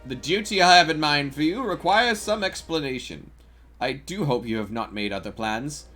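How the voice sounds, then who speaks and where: A man voicing a stern, commanding female admiral in a formal, measured way, reading game dialogue aloud. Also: on the high side, lively intonation, pushed and bright, soft background music.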